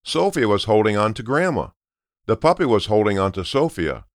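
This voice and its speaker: A man narrating a children's story aloud in an expressive storytelling manner. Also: fairly low pitch, moderate pace, dry recording, studio quality. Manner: expressive, sing-song storytelling.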